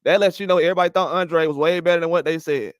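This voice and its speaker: An older man rants heatedly about boxing, swearing often and firing the same questions again and again. His voice sits high and sounds smooth and clear. The recording is dry, with no room sound. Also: steady tone, very fast, dry recording. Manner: fired up, profane, repeats rhetorical questions. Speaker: boxing commentary host. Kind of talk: heated opinion rant.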